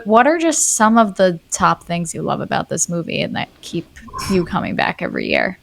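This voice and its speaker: A woman's voice: lowish voice, huge pitch swings, moderate pace, gravelly, slight background noise. Friendly woman podcast host. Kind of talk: casual podcast chat.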